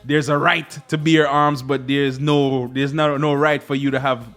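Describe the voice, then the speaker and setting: A man with a Caribbean English accent hosting a radio show in a studio, chatting jovially and reading out an advertiser's phone number slowly. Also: mid-range voice, level tone, a bit bright, faint music behind. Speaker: radio host. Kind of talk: casual radio talk with ad reads.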